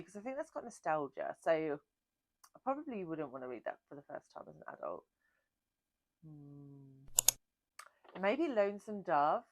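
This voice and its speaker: A woman's voice: deep voice, no echo. A woman hosting a book channel, chatting casually and self-mockingly through a Q&A. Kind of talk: casual Q&A chat.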